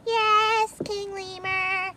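A woman voicing a small cute alien creature minion, speaking slowly and matter-of-factly. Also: very high voice, level tone, very noisy, pitched above the performer's own voice, full character voice. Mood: solemn.

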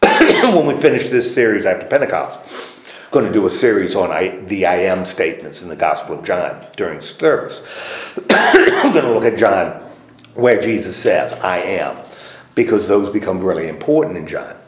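A man's voice: low-pitched, very animated, moderate pace. A man leading a group Bible study in a church meeting room, putting questions to the group and repeating their answers. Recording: roomy echo.

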